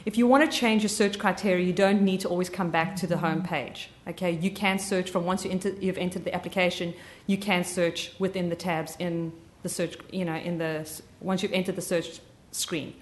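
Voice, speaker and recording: A woman with a slight Southern US drawl giving a live software training, chatty and full of ums and self-corrections. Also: fairly low pitch, fairly even intonation, a little fast, hardly any pauses.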